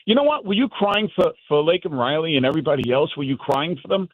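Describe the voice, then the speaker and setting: A man's voice: fairly high pitch, expressive, fast talker, hardly any pauses, no room sound, phone-quality sound. A man from New York, a former officer, giving heated political commentary as a radio guest, indignant and mocking opponents. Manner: indignant, mocks opponents with put-on quotes.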